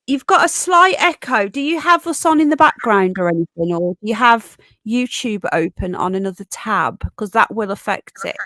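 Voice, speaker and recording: A woman's voice: medium pitch, animated, normal speed, few pauses, bright, forceful tone, no echo. A woman hosting a casual live stream, chatty and affectionate as she greets viewers one by one.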